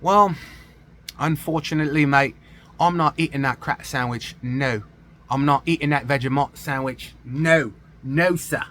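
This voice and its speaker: A man's voice: mid-range voice, unhurried, a bit bright, slight background noise, close to an everyday voice. Man doing a mocking Aussie-British bloke, stubborn and defiant, exaggerated delivery.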